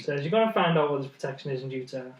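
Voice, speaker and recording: A man's voice: medium pitch, lively intonation, racing, lo-fi sound, a loud crowd. Laughing man telling stories, echoey room. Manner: laughing storyteller. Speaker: podcast co-host. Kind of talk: casual chat.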